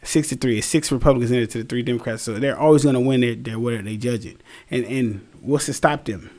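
A man's voice: medium pitch, quick pace, darkish tone. Tired young man ranting bluntly. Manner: blunt, rambling, swears freely, slangy. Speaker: solo commentary host. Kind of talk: casual opinion monologue.

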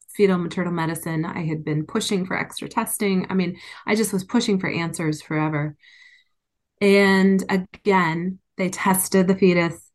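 A woman being interviewed, telling a personal story candidly and with emotion. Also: fairly low pitch. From United States. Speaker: interview guest.

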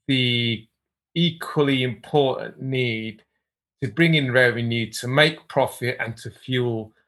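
A man's voice: medium pitch, slow, fairly bright tone. A man interviewing a business guest, asking long, thoughtful questions. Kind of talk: interview conversation.

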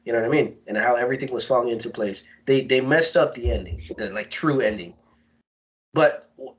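A man's voice: mid-range voice, brisk. A young man co-hosting a casual podcast chat, talking in slang, repeating himself and slipping into quoted voices. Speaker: podcast co-host. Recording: dull lo-fi podcast audio.

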